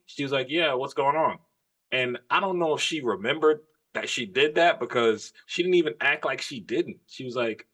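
A man's voice: mid-range voice, lively intonation, moderate pace, fairly bright tone. Man telling a story, profane and emphatic. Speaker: podcast co-host. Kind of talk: casual podcast chat.

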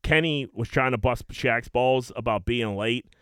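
Young dude on a podcast, smooth clear voice, dry close mic, says dude and swears a ton. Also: male voice, medium pitch, unhurried, no echo. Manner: animated storytelling, heavy swearing and "dude". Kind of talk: casual chat.

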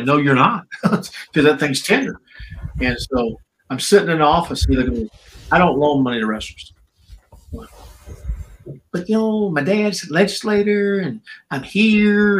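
Animated older man telling wrestling stories. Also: poor audio. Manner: animated storyteller, acts out quotes with shifting pitch. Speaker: former pro wrestler, guest. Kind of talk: storytelling interview. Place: podcast recording.

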